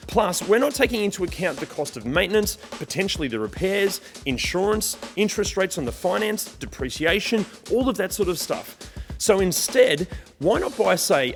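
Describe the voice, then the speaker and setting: An Australian man hosting a car video, talking to camera in a lively, chatty way with wry humour. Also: sits high. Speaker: car channel host. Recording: roomy reverb with music behind.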